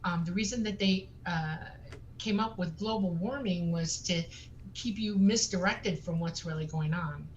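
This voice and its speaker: Low-voiced woman giving urgent advice. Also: a little slow, lo-fi sound, a little hiss or hum. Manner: emphatic advice with many um fillers. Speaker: guest. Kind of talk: talk show interview.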